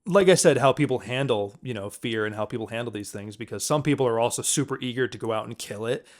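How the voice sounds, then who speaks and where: A man co-hosting a casual movie podcast, easygoing and quick to laugh. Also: mid-range voice. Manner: easygoing, laughs often, loose phrasing. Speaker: podcast co-host.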